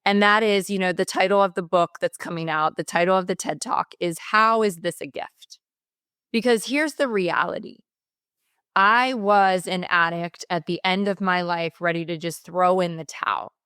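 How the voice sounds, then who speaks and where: A woman's voice: fairly low pitch, fairly even intonation, normal speed, fairly bright tone, clean tone, dry recording, clean studio sound. A middle-aged woman, a mindset coach, speaking as a guest in a podcast interview in an emphatic, motivational way.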